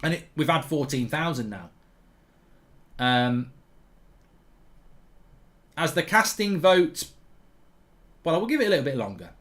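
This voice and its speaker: A man's voice: a little high, big pitch swings, a bit bright. Chatty man hosting a football watchalong. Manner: reads viewer comments aloud and answers them; chatty, opinionated, quick asides. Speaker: host. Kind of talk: live football watchalong chat.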